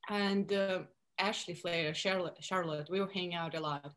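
A woman from Russia with a Russian accent, chatting as a podcast guest and telling lively stories, often acting out what people said. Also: lowish voice, moderate pace, low-quality recording. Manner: animated storytelling, acting out quoted lines, many likes. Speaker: podcast guest, former wrestler. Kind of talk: casual interview chat.

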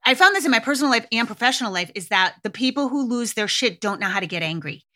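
A woman hosting a podcast, talking frankly and casually with swearing and lively acted-out quotes. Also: on the high side, fast talker. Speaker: podcast host. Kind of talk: casual solo podcast talk.

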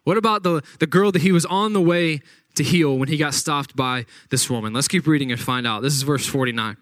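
A man's voice: on the high side, brisk, fairly bright tone, no echo. A man preaching a sermon, reading scripture aloud and retelling the story with dramatic acted-out quotes. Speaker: pastor.

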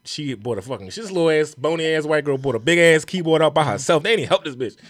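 A man tells a story in quick bursts, his pitch swinging up and down as he acts out the people in it. He is a comedian chatting casually on a podcast. His delivery is loose, profane and animated. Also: noisy background. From Baltimore. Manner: animated, profane, fast storytelling with acted quotes. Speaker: comedian guest.

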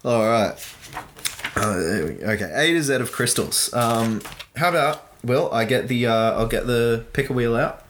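A man's voice: medium pitch, background noise. A man co-hosting a casual joking book chat, reading passages and talking with many restarts and fillers. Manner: halting, many restarts and fillers, reads in a flat slow tone. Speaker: podcast co-host reading a book aloud.

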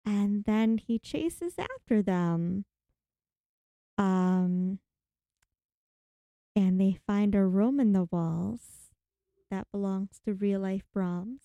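A woman recapping a horror movie in casual chat, animated and dramatic, acting out the characters' lines. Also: medium pitch, drawn-out words, long pauses, no room sound, dull audio.

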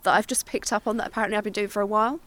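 A woman's voice: medium pitch, steady tone, rapid-fire, noisy background. A woman chatting casually in a light-hearted, joking way. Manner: light-hearted, jokey, slips into accents. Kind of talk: casual chat.

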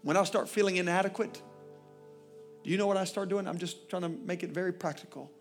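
A male pastor preaching a sermon, swinging from loud, impassioned declarations to quiet, intimate asides. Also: high-pitched, fairly even intonation, brisk, soft background music.

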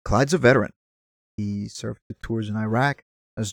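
A man's voice: fairly low pitch, a little fast, creaky, no room sound, clean studio sound. A man giving a casual movie review, chatty, with apologetic asides and the odd stumble over his words.

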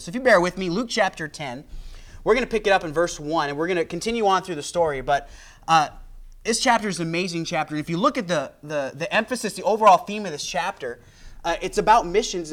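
An American man delivering a sermon in a voice pitched a little high. He talks in a loose, conversational way, often restarting his sentences and filling the gaps with small hesitations. He speaks into a handheld microphone. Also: a bit bright. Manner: conversational, with many restarts and fillers. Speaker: guest preacher.

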